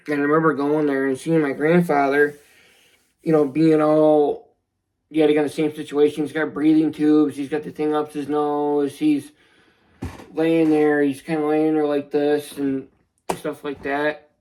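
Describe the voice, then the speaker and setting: Halting, earnest young man. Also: fairly high pitch, level tone, darkish tone, poor audio. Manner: halting, many restarts and fillers; earnest, somber. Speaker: vlogger. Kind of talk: personal storytelling vlog.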